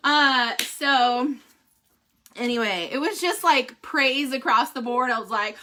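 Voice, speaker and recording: A woman's voice: sits high, slow. A middle-aged woman, chatting animatedly in a casual vlog and laughing often. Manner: animated, laughs often, says "holy cow" and "y'all". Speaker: vlogger giving a family update and product review.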